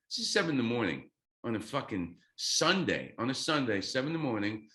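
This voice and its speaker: Excitable man in his fifties, echoey room. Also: medium pitch, moderate pace, vocal fry. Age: 50s. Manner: excitable, swears freely, acts out quotes. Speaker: guest drummer. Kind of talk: animated storytelling.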